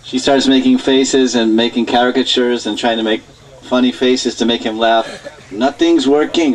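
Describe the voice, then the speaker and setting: Animated male preacher telling a story in a temple, mid-pitched, recorded from a distance. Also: moderate pace. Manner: animated, laughs often. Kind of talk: storytelling lecture. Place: temple hall.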